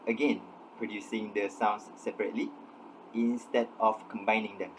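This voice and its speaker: A young man with a slightly low voice delivers a scripted academic talk on pronunciation, stepping through each example in a measured, explanatory way. A faint hiss sits under the recording. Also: flat delivery, rough recording. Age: young adult. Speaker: student presenter.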